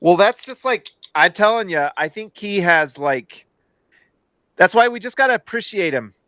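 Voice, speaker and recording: A man in his thirties hosting a casual live stream, reacting to a basketball game with jokes and excited shouts. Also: high voice, normal speed, no echo, clean studio sound. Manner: excitable, jokey, shouts at big plays. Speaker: host.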